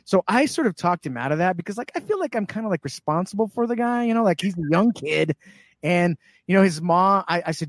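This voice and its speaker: Guest storyteller, man, bright higher register, lively voices in quotes, dry close sound. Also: a little fast, no echo. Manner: animated, acts out quoted voices. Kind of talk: casual storytelling chat.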